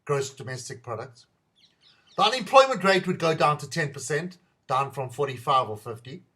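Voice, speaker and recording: Man, South African accent, comic news monologue, self-mocking, rambling, high voice, lively pitch. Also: moderate pace, slightly rough. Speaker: podcast host.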